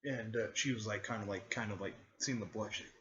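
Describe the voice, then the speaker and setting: A man's voice: on the low side, fast, fairly bright tone, muffled recording. A man casually retelling a fan-made story, rambling and stringing it together with lots of fillers and restarts. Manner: rambling, filler-heavy, repeats "mostly" and "there".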